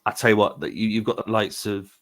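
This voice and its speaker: Lower-voiced, enthusiastic male comedian. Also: fairly even intonation, fast talker, a bit bright. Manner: enthusiastic, praising, interjects. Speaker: comedian and podcast guest. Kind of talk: casual podcast chat. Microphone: remote call.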